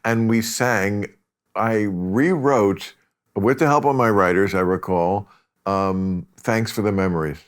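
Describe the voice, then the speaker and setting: A man's voice: lowish voice, slow pace, smooth. A man in his sixties hosting a podcast, bantering bluntly with a guest in casual chat and swearing freely. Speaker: podcast host.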